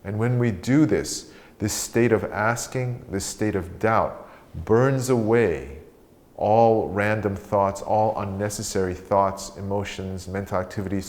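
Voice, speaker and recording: Speaking slowly and calmly in a lowish voice, this man leads a guided meditation. He walks listeners through breathing and a question practice.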